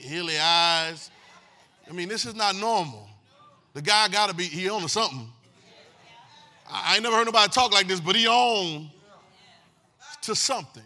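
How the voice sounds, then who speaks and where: High, bright-voiced preacher man. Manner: animated street-talking preaching, call and response, shouting at peaks. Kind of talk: sermon.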